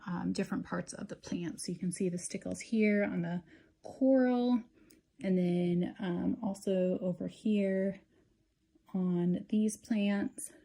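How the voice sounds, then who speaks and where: Mellow-voiced woman explaining a craft project. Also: medium pitch, gravelly. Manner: chatty step-by-step explaining with frequent ums. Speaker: craft tutorial host. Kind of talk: casual craft demonstration.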